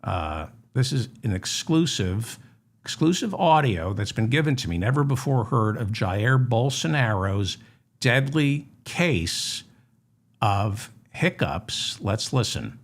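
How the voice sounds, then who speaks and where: Deadpan man with animated swings. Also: on the low side, measured pace. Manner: deadpan mock-serious, with sudden indignant outbursts. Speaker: comedy news host. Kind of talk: satirical news monologue.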